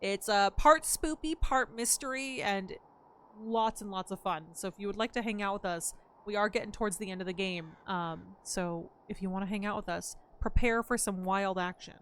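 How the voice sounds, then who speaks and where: A woman's voice: mid-range voice, moderate pace, a little hiss or hum. A woman hosting a casual gaming live stream, chatting and greeting viewers in a bubbly, welcoming way.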